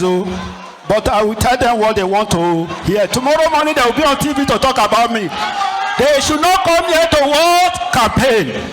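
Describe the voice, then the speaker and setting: A man with a Nigerian accent giving a loud, rousing rally speech as a state governor, firing rhetorical questions at the crowd. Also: very high voice, normal speed, over music, low-quality recording. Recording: crowd and noise behind.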